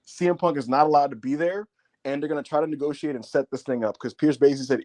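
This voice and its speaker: A man co-hosting a wrestling podcast, recapping the show in casual chat and acting out wrestlers' lines. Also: fast talker. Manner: animated, acts out wrestlers' lines in high voices.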